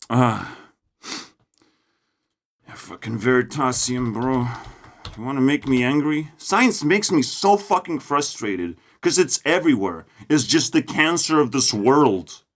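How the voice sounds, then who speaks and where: A young man with a Lithuanian accent, ranting outdoors in a forest, profane and mocking, going from loud outbursts to low mutters. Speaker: vlogger. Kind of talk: ranting monologue.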